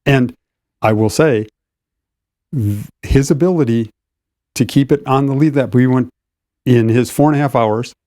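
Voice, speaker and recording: An older man, co-host and racing competition director, explaining race strategy in a measured, casual way. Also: mid-range voice, dark tone, no echo, clean studio sound. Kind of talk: casual podcast chat.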